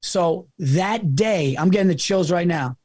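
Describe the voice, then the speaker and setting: A man sits in as a podcast guest and tells a long story in easy, casual talk. His voice runs somewhat high and sounds dry and close. He swears freely, gets animated, and keeps calling his listener "dude". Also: unhurried, no room sound.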